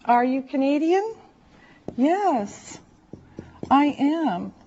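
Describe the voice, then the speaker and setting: A woman teaching an English lesson, drilling words and phrases slowly and deliberately, repeating each one. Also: high voice, big pitch swings, mellow, lo-fi sound, slight background noise. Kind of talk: classroom language lesson.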